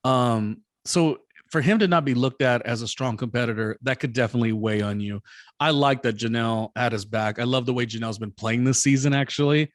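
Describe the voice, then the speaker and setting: A man hosting a casual recap podcast, rambling and hesitant, filling pauses with lots of ums. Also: medium pitch, dry recording, clean studio sound. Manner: rambling, hesitant with many fillers. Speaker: podcast host.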